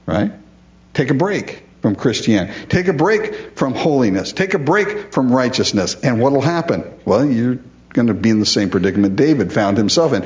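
Middle-aged guy preaching, pitch jumps all over, chuckles a lot, muffled lo-fi recording. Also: normal speed. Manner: animated, chuckles often, voices the psalmist in character. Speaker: pastor. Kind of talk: sermon. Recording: dull lo-fi sound.

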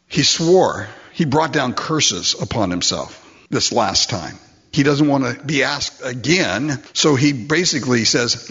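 A man preaching a sermon, animated and acting out the voices in the story. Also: medium pitch, a little slow, breathy edge. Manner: animated, acts out voices in quotes. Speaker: pastor. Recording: dull lo-fi recording.

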